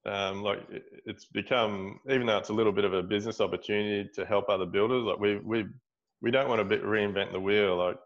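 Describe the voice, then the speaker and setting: A man's voice: on the low side, steady tone, quick pace, muffled recording. A middle-aged Australian man, a builder, telling a story in a casual interview, rambling with many restarts. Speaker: guest, builder running seminars.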